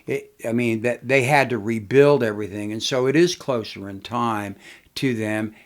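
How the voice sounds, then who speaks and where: A man's voice: medium pitch, moderate pace. Regular-voiced guy cutting in on a podcast to add some history. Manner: interjects, adds historical context. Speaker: podcast co-host. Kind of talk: casual chat. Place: studio.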